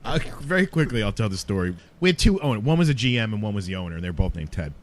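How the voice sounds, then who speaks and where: A man's voice: lowish voice, animated, racing. A man in his thirties, a former radio DJ and podcast co-host, telling a profane story with lots of laughter. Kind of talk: casual storytelling chat.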